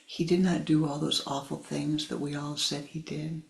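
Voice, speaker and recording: A man voicing a tearful young village woman confessing a lie, speaking softly and pleadingly with a gravelly edge. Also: fairly high pitch, level tone, normal speed, rough recording. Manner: soft pleading, whispery.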